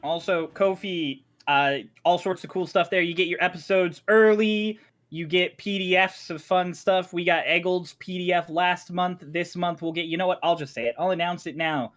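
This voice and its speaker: A man running a tabletop game as game master, chatting about merch and then narrating the opening in a measured dramatic way. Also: high voice, fairly even intonation, fairly bright tone.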